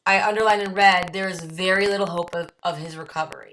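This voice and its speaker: A woman with a Midwestern American accent guides a book study with a bright, clear voice. She reads short passages aloud, then explains them in her own words. Key phrases get repeated slowly for weight. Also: on the low side, fairly even intonation, a little hiss or hum, low-quality recording. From United States. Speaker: study group leader. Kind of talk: reading and explaining a recovery text.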